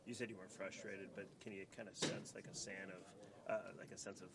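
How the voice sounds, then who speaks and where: A man's voice: low voice, little pitch movement, brisk. A male reporter asking long, hedging questions at a press scrum. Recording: distant with heavy noise.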